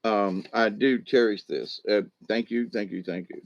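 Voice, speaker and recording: A man's voice: lowish voice, fairly even intonation, dull audio. Older man rambling through stories. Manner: halting, restarts often, chuckles. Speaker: channel host. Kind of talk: casual rambling storytelling.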